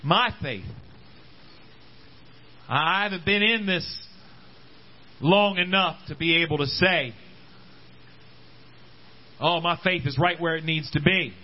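A man preaching a sermon, with words often repeated and frequent amens, swinging between loud rising calls and quiet low asides. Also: slow, pauses often, dull audio. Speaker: pastor. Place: church service.

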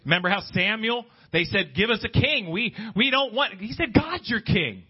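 Pleading preacher, dull lo-fi recording. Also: male voice, lively intonation, normal speed, husky. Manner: swings between high pleading exclamations and low hushed asides. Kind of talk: sermon.

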